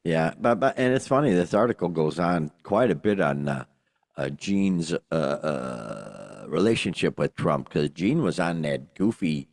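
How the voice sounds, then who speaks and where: An older man with a very low voice and a lively, swooping delivery, chatting casually as a podcast co-host. He rambles, jokes and throws in exclamations, and the sound is close and dry. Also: unhurried, gravelly, dry recording. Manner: rambling, joking, frequent fillers and exclamations. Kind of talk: casual chat.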